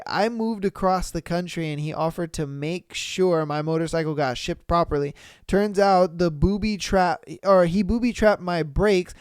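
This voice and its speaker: Brief: male podcast host, animated and slangy, smooth, slightly high voice, dry close-mic sound. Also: dry recording. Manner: animated, slangy, exclaims often. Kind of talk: casual reading and reacting to listener stories.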